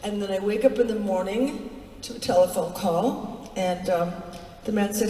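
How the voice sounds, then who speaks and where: A woman's voice: mid-range voice, moderate pace, dark tone. A woman on stage telling a long story between songs, chatty and wry, full of asides. She is heard from far off in a large arena. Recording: distant audience recording in an echoing arena. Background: crowd ambience.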